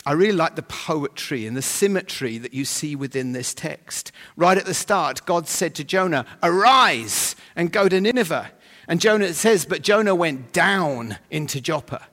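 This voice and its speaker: Guy preaching, jokey and animated, kinda high voice, long echo like a big church. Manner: humorous, animated storytelling with sudden loud emphasis. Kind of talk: sermon. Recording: long hall reverb.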